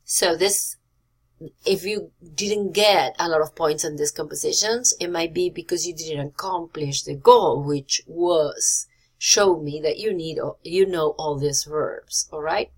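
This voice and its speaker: A woman's voice: deep voice, measured pace, slightly rough. A woman teacher, going over student compositions and repeating key corrections in a patient, explanatory way. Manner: explanatory, repeats key points, mixes English and Spanish phrases. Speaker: Spanish teacher. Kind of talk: recorded feedback on student compositions.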